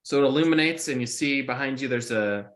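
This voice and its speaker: A man runs a tabletop game, laying out each scene in a loose, casual way with plenty of ums and likes. His voice sits in a middle pitch and has a bright, forceful edge. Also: fairly quick. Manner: casual, many fillers, describing scenes. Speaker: game master.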